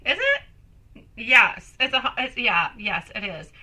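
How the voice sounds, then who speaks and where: A woman's voice: fairly high pitch, big pitch swings, slow, pushed and bright, low-quality recording. A woman hosting a live-stream tarot reading, chatting with viewers and calling them sweetie and my love. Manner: chatty, reads viewer comments aloud and answers.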